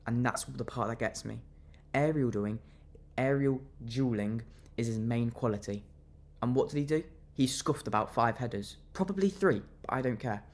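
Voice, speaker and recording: A man's voice: mid-range voice, moderate pace, hardly any pauses. A young man venting his anger in a fan reaction rant, fuming and repeating himself as he vents. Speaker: football fan vlogger.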